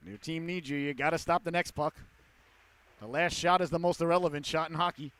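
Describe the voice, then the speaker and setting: Man, hockey play-by-play, excited goal calls, dry close mic. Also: on the high side, no echo. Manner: rapid play-by-play that rises to excited shouts on goals. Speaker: play-by-play commentator. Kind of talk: youth hockey play-by-play commentary.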